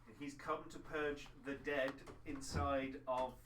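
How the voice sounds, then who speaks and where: A man's voice: mid-range voice, level tone, a little slow, voice pushed up, natural voice. A man playing a small, blunt and grumpy orc in a wizard's hat, in a tabletop game. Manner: blunt, grumbling. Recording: distant mic with background noise.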